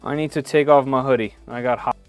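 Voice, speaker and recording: A man's voice: mid-range voice, steady tone, fast, clear, resonant tone, no room sound, faint music behind. A man giving live-stream commentary while unboxing a machine in his home workshop, thinking aloud with frequent "uh"s and small restarts.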